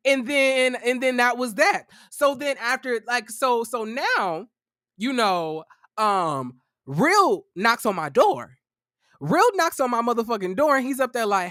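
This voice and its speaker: A man's voice: very high voice, animated, a little slow, sharp tone, no room sound, studio quality. A young man in his twenties tells a personal story in a casual, profane, fired-up way. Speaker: vlogger.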